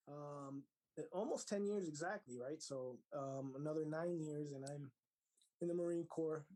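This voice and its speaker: A man speaking as a podcast guest, relaxed and storytelling. He keeps things conversational with frequent asides and slips into Spanish for a word here and there. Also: fairly high pitch, low-quality recording. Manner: animated, frequent "right?" asides, mixes in Spanish phrases. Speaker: podcast guest, lodge master. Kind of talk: casual storytelling interview.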